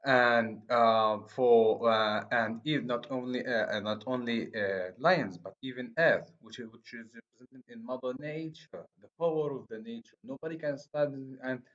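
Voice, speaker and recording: A man gives a university lecture at a middle pitch. He speaks haltingly, restarting phrases and asking "okay?" to check in. The recording is muffled and dull. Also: fairly bright tone.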